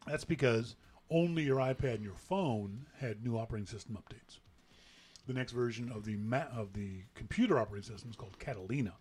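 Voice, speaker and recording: A man hosting a casual tech podcast, patiently explaining software updates and acting out quotes in an animated way. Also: mid-range voice, brisk. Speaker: podcast host.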